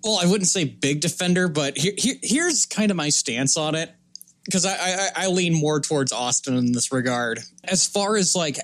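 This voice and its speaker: A man giving a measured, hedging opinion in a casual film podcast chat. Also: a little high, lively intonation, a bit bright.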